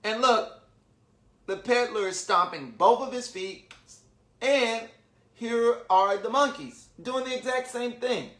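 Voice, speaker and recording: A man reading a children's storybook aloud online, with animated, chatty asides to young listeners. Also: very high-pitched, slow pace. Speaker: children's book reader, literacy founder. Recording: roomy echo.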